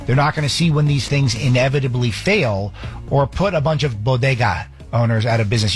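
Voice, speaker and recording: A man hosting a talk radio show, giving fast, sarcastic commentary with frequent restarts. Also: mid-range voice, soft background music.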